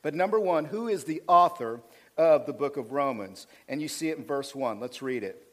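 A male pastor preaching a sermon, swinging from loud emphatic passages to quiet asides, fired up. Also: lively intonation, normal speed. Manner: preaching with rising intensity, dropping low for asides.

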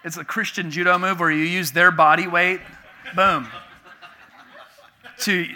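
A man in his thirties preaching to his congregation, with a very bright, forceful tone. He speaks a little higher than most men and tells his story casually and candidly, swinging from hushed asides to loud, punchy emphasis. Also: steady tone, unhurried. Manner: conversational, confessional storytelling with sudden bursts of emphasis. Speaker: pastor. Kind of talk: sermon.

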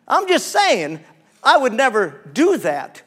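A man's voice: extremely high pitch, wildly swooping pitch, slow, a bit bright, husky. A man preaching a sermon as pastor, reading scripture aloud and calling on the congregation for amens.

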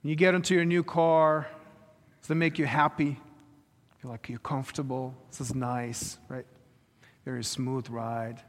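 A man's voice: mid-range voice, a little slow, pauses often. Man preaching in a reverberant hall. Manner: lively preaching with rhetorical questions. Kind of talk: sermon.

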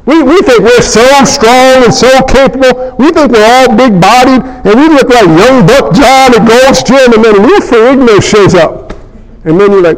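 High-voiced man preaching in a hall. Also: moderate pace, a crowd in the background. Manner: animated storytelling, acts out characters. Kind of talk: humorous sermon.

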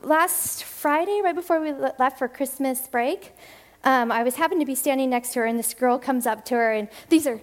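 Speaking to the congregation in a high-pitched, chatty way, a woman who directs the church's family and children's ministry acts out quoted voices and laughs often. Her delivery comes in hurried bursts, punctuated by restarts.

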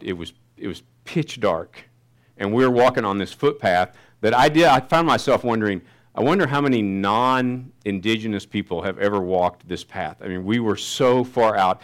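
Man, pastor, sermon, lowish voice, verses read slowly, storytelling. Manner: slows down to read scripture, then tells a story.

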